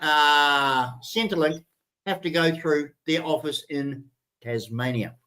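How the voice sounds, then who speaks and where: Older Kiwi man, high-set voice, blunt, profane co-host of a casual chat. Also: slow, sharp tone, low-quality recording. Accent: New Zealand. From New Zealand. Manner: blunt, swearing, heated rant. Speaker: show co-host.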